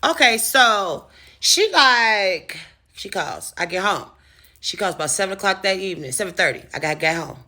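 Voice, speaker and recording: A woman vlogger telling a personal story casually, animated and profane, acting out the dialogue. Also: mid-range voice, normal speed.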